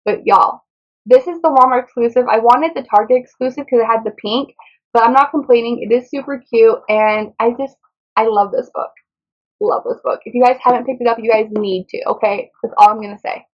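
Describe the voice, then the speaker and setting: Chatty book vlogger woman, slightly high. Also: brisk, muffled recording. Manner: chatty, rambling, trips over titles and names. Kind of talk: casual book haul chat.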